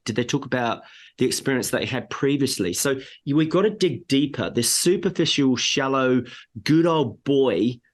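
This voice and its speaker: A man who trains salespeople speaks as a podcast guest over a remote connection. His voice sits at a middling pitch, and he drives his points home with emphatic, coaching delivery and strings of rhetorical questions. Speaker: sales and marketing trainer for agriculture.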